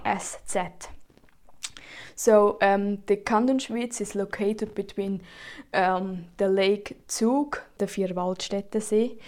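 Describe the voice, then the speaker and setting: A woman's voice: mid-range voice, a little mellow. A woman from Switzerland with a Swiss German accent, giving an informal spoken presentation in hesitant English full of fillers and the odd German word. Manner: hesitant, many "like" and "um" fillers, slips into German words.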